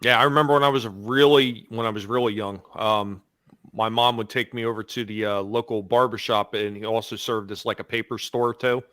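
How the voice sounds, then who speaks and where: Bright-voiced chatty man. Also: lowish voice, fairly even intonation, fairly quick, no echo, clean studio sound. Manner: nostalgic, chatty. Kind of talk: casual chat.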